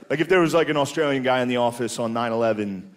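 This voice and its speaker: Man, stand-up comic, mid-pitched voice, crude and swearing, chuckles at own jokes, noisy live recording. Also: fast talker. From United States. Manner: crude, profane, chuckles at his own jokes, says dude a lot. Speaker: stand-up comedian. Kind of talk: stand-up comedy set. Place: comedy stage before a live audience.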